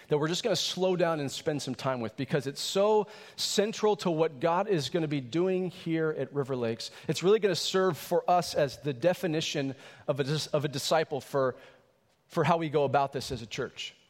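A man preaching a sermon as pastor, stressing key words and stretching them out. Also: high-pitched. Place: church sanctuary. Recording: church hall reverb.

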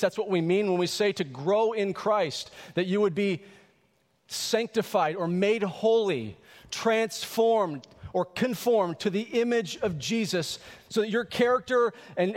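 A man preaching a sermon as pastor, stressing key words and stretching them out. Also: sits high. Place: church sanctuary. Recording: church hall reverb.

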